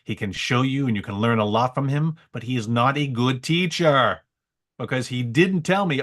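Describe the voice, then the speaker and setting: A man on a podcast, telling a story with excitable energy and frequent stammering repeats. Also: mid-range voice, moderate pace. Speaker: guest. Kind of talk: animated storytelling.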